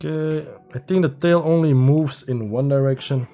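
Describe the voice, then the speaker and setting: A man's voice: mid-range voice, moderate pace. Casual man chatting through a build. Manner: relaxed, thinking aloud while building. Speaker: livestream host. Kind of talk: casual live-build chat. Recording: faint music behind.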